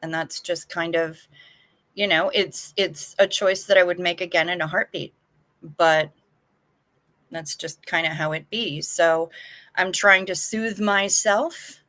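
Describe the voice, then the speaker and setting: A woman's voice: fairly low pitch, fairly even intonation, unhurried, bright, forceful tone. Woman, live-stream host, casual chat, frank talk, anxious undertone. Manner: chatty, frank, swears casually.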